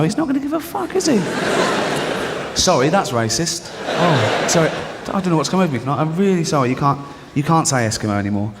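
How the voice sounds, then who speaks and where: A man's voice: on the high side, big pitch swings, quick pace, very noisy. An English man doing a stand-up routine, sardonic and mock-apologetic, often laughing at his own jokes. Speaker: stand-up comedian. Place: live comedy venue. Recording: live hall with long reverb and loud ambience.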